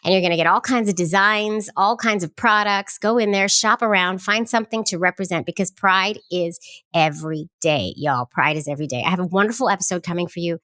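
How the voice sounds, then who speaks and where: A woman hosting a podcast, bubbly and effusive, chatting warmly with guests and listeners. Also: lowish voice, a little fast, dry recording, studio quality. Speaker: podcast host.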